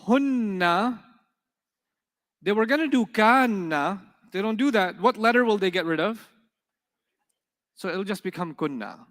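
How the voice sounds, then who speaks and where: In a classroom lecture recorded with long hall reverb, a man teaches an Arabic class in a conversational, encouraging way, often putting questions to his students. His voice is high and a bit bright, with lively intonation and a moderate pace.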